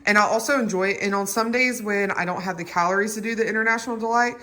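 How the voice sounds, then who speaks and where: Chatty young mom vlogging at home. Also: female voice, mid-range voice, fast talker. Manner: chatty, rambling, warm toward viewers. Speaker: vlogger and mother. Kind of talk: casual vlog chat to camera. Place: at home indoors. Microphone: handheld phone camera.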